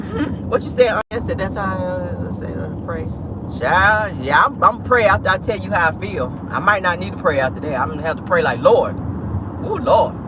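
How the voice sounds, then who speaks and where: Woman vlogger, loud and expressive pitch, sassy live chat from her car, clear road noise. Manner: animated, sassy, dramatic, talks straight to viewers. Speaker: vlog host. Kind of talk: casual live-stream chat. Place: parked car.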